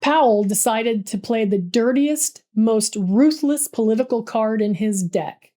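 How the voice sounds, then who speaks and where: A woman with a fairly high voice narrates a history story from a script. She builds tension with a vivid, dramatic storytelling manner. Her delivery stays steady and polished. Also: a little slow.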